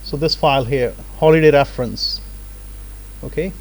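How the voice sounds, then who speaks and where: A man teaching a live software tutorial in a casual lecturing manner, often checking in with "right?" and "okay?". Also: medium pitch, moderate pace, low-quality recording.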